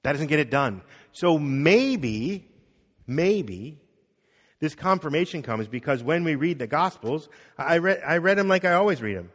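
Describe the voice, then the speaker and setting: A middle-aged man, a pastor, preaching a conversational sermon, acting out quotes and dropping soft on key words. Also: fairly high pitch, very animated, measured pace. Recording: long reverb of a hall.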